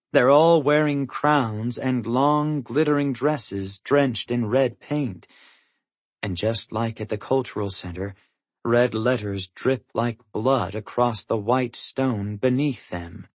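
A man narrates a first-person audiobook in a measured, somber way. His voice is husky and sits at an ordinary male pitch. The sound is dry and close. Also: no room sound.

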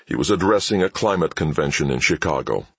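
Deep, husky male audiobook narrator. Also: lively intonation, fast talker, no echo. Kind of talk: scripted dramatic narration.

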